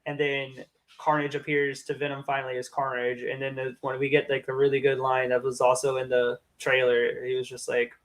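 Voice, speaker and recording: A man co-hosting a casual movie review podcast, retelling scenes with lively quoted lines. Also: mid-range voice, a little fast. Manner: animated retelling, acts out quotes in raised voices. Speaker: podcast co-host.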